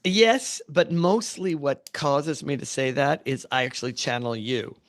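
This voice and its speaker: A middle-aged man co-hosting a podcast in casual chat, animated, swearing freely and acting out quotes. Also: medium pitch, measured pace, no room sound. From United States. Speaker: podcast co-host.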